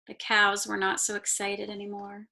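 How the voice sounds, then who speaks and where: A woman teacher reading a picture book aloud to her class, slow and expressive, stopping to point out the pictures. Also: medium pitch, vocal fry. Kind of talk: read-aloud storytime.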